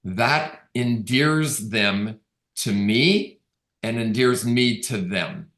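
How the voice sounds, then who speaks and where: A man's voice: mid-range voice, very slow, a bit bright. A middle-aged man from Canada giving a conversational webinar talk as a real estate agent, telling stories and acting out quoted dialogue. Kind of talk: casual storytelling talk. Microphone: video call. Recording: roomy echo on the voice.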